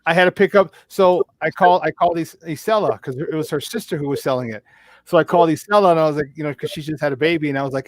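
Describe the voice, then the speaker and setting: A man hosts a morning sports talk show from a remote setup, his voice sitting a touch high. He chats in an upbeat, loose way, full of fillers and restarts. The sound is dry, with no room around it. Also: fast talker, dry recording. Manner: upbeat, laughs often, many fillers and restarts. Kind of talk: casual on-air chat. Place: remote virtual studio.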